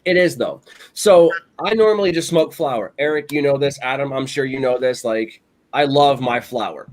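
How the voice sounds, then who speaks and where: A man's voice: medium pitch, normal speed. Male co-host, loose rambling storyteller, casual podcast banter. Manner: rambling storyteller, animated, lots of "like" and "you know". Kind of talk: casual chat.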